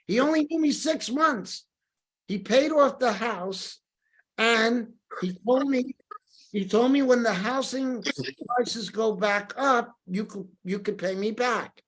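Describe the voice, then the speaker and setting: A man's voice: very high-pitched, slow pace. An older man telling his life story as a podcast guest, acting out the voices of the people he quotes.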